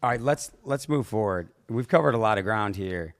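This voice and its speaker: A man hosting a podcast in relaxed, teasing casual chat. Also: lowish voice, moderate pace. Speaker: podcast host.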